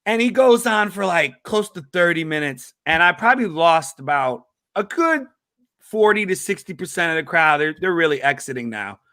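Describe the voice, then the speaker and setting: A man, a comedian and talk show guest, telling a story in an energetic, excitable way with quick restarts. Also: a little high, dry recording, clean studio sound.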